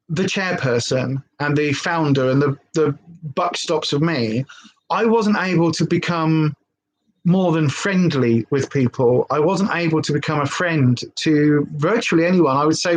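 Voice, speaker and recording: A woman's voice: deep voice, slight background noise. A woman vlogger rambling candidly in a casual live-stream chat.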